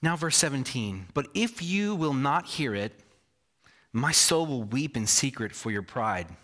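A man's voice: medium pitch, sing-song, unhurried, a bit bright. Man, pastor, sermon, emphatic, rhetorical questions, self-deprecating humor.

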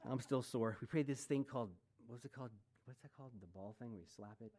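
A man's voice: mid-range voice, fast, darkish tone. A man in his forties preaching a sermon as pastor, conversational, with joking asides and rhetorical questions. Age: 40s.

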